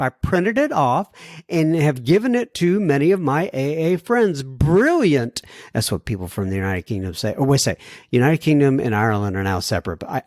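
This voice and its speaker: American man, podcast host, lively swooping pitch, dry close sound, rambling and apologetic. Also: no echo. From United States. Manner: rambling, apologetic, drifts into tangents. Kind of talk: casual chat reading listener letters.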